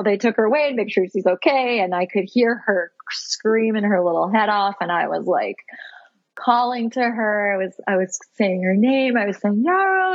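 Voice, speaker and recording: Woman podcast guest, husky voice, lively storyteller, slightly dull lo-fi recording. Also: medium pitch, no echo. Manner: animated, laughs often, fillers like "like". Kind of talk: personal storytelling.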